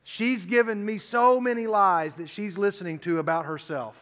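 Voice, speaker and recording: A man's voice: high-pitched, moderate pace, fairly bright tone. A middle-aged man preaching a sermon to teenagers in an earnest, conversational way, often repeating himself. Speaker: youth pastor. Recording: long hall reverb.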